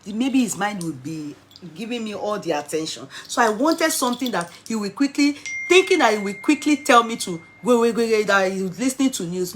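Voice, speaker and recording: A Nigerian woman in her forties recounts a story from her own life with lively energy. She drifts into Pidgin and acts out the voices of the people in it. Her voice sits at an ordinary middle pitch, with a faint hiss in the background. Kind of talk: personal storytelling.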